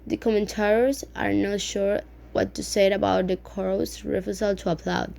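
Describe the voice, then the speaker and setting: A woman reading a novel aloud in a halting way, often stumbling over words and starting them again. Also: mid-range voice, flat delivery, creaky, darkish tone. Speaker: reader.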